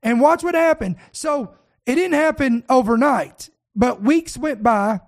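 Older preacher with a high voice, telling a story on a talk show, keeps calling folks guys and repeating himself. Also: unhurried. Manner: animated storytelling, repeats words, calls listeners "guys".

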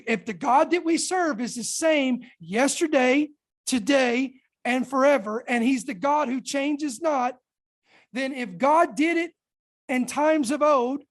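A woman's voice: high-pitched, a little slow. A woman preacher delivering a fervent sermon, calling out to her congregation for responses.

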